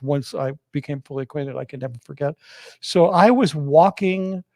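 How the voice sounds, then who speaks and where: A man's voice: on the high side, mellow, dry recording. A man as interview guest, telling a personal story with many restarts and fillers.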